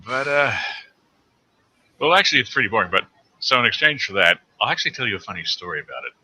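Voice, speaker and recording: Animated bright-voiced man telling stories. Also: lowish voice, fast talker, husky, poor audio. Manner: animated storyteller, acts out quotes. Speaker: voice actor panelist. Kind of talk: casual panel chat.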